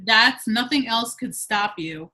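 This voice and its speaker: A woman's voice: a little high, lively intonation, a little slow, pushed and bright, low-quality recording. A woman hosting a casual interview, chatty and full of ums and restarts. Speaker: host interviewer.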